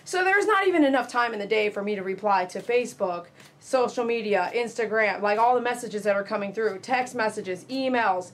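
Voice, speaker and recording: A woman's voice: mid-range voice, a little fast. A woman, a dog groomer chatting casually to her live-stream viewers while she works in her grooming salon. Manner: chatty and animated, mimics callers loudly.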